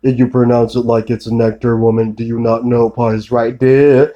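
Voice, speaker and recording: A man's voice: medium pitch, monotone, brisk, highs cut off. Profane ranting man, rambling monologue. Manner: profane ranting, constant filler tags; repetitive, accusatory, addressing an unseen woman.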